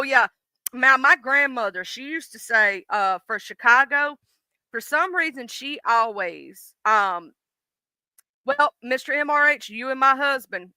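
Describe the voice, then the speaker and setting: A livestream host with a Southern US accent chats casually and folksily, reading viewer comments and answering people by name. Her voice is fairly high, bright, forceful, clear, and resonant. There's no room sound at all.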